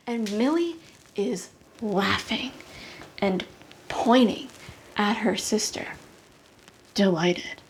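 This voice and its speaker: A young woman performs a solo comedy story with a fairly high voice. She is animated and shifts her pitch a lot. Her voice climbs to sharp shrieks when she acts out panicked moments. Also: slow, long pauses, a little hiss or hum. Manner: animated, jumps to high shrieks in acted-out scenes. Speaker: stand-up comedian. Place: apartment.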